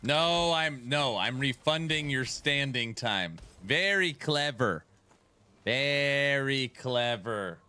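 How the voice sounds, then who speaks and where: A man's voice: medium pitch, expressive, slow pace, hardly any pauses, bright, forceful tone. A man chatting casually on a live stream, playful and teasing as he talks back to his viewers.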